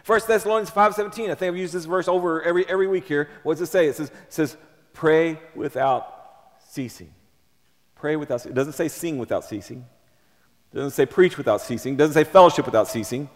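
High-voiced impassioned preacher man. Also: fast, big-room sound. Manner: impassioned preaching, repeats words, swings from soft to loud. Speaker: pastor. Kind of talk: sermon.

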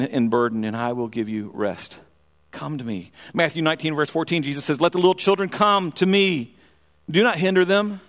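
A man preaching a sermon in a church, often repeating words and restarting, moving between quiet and emphatic passages. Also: on the high side. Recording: long reverb of a hall.

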